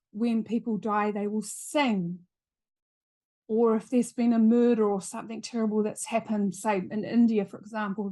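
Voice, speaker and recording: A middle-aged woman with a New Zealand accent, a podcast guest telling a story in earnest, repeating phrases for emphasis. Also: mid-range voice. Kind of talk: storytelling in an interview.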